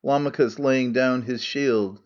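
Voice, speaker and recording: A man's voice: mid-range voice, steady tone, unhurried, lo-fi sound. Man reading a play's stage directions. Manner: reading stage directions and speaker names plainly. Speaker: audiobook reader. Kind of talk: audiobook narration of a play.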